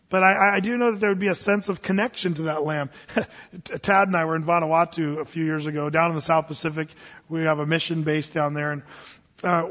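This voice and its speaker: A man preaching a sermon, telling a story with humor, many restarts and sudden loud bursts. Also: on the high side. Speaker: pastor. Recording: dull sound with long reverb in a hall.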